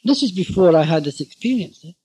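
A man giving a storytelling lecture to therapists, animated and anecdotal, acting out bits of dialogue. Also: high voice, fast talker, slightly rough, dry recording. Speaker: speaker addressing therapists. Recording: dull lo-fi recording.

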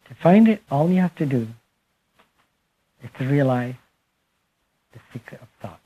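A husky-voiced man gives a spiritual talk to a gathered group, leaning into key words and letting each phrase sink quietly at its end. The recording sounds muffled and lo-fi, like an old archive tape. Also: medium pitch, animated. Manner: slow, emphatic, trailing off softly at phrase ends. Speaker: speaker addressing a group. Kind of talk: spiritual talk to a live audience.

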